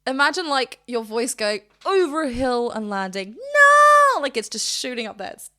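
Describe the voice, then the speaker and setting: Gushing higher-voiced woman vocal coach. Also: a bit bright. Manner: gushing, rambling, quick restarts; breaks into short sung demonstrations. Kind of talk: reaction commentary.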